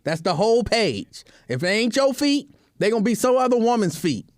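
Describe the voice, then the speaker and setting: Guy with a high voice doing a jokey monologue, repeats himself a lot, dry close sound. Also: normal speed, no echo. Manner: joking, repetitive, animated asides with laughter. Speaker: show host. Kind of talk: comedic casual monologue.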